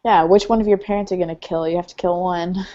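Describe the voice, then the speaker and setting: A woman's voice: fairly low pitch, fairly even intonation, fast talker, dark tone. Chatty woman on muffled call. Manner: chatty, laughs often, says "like" a lot. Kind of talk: casual video-call chat. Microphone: computer mic on a video call.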